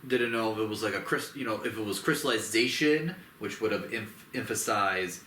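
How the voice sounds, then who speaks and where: A man in casual chat about a movie, rambling with fillers and jumping into squeaky high voices for quotes. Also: a little fast, bright, forceful tone. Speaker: co-host. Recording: roomy echo with faint noise.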